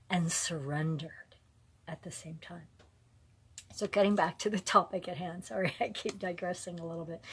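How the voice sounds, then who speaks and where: A middle-aged woman hosting a casual live online talk, rambling and digressive, often drifting into soft, whispery asides. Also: fairly low pitch, breathy edge.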